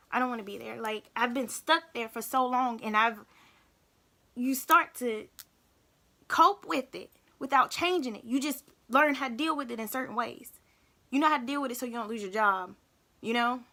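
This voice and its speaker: Bright-voiced woman in a halting confessional. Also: a little high. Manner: halting, emotional, repeats herself. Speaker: vlogger. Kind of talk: personal confessional vlog.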